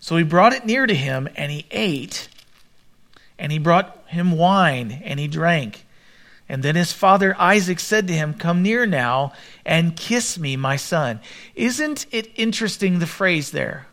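Guy preaching a sermon, kinda high voice, goes low n quiet on the bible quotes. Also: unhurried. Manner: expressive Bible reading with commentary, drops voice for quoted lines. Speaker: pastor.

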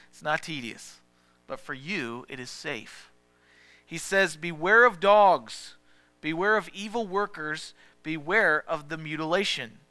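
A man preaching a sermon in a relaxed, conversational way, mixing scripture with jokey personal stories. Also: fairly high pitch, smooth, no echo. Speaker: pastor.

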